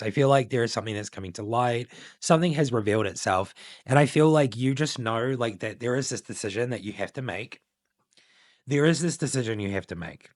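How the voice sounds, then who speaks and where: In clean studio audio without echo, a man at medium pitch delivers a casual collective tarot reading to his viewers. His talk meanders as intuitive musing, heavy with filler likes.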